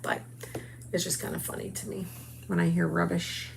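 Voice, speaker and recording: A woman's voice: fairly low pitch, level tone, moderate pace, creaky, background noise. A middle-aged woman from the United States hosting a crafts video, chatting upbeat with viewers while she works. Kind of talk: casual crafting talk and promo.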